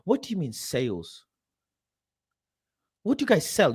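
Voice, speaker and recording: A man's voice: a little high, wildly swooping pitch, a little slow, long pauses, slightly rough. A young man hosting a football channel, reacting to a screen in an exasperated, mocking rant full of swearing, muttering as he reads names aloud. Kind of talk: ranting reaction commentary.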